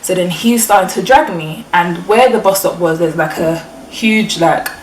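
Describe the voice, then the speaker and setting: Young London woman vlogger, lowish voice, animated casual storytelling, distant mic, faint background hum. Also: moderate pace. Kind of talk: storytime vlog. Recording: echoey room, mic at a distance.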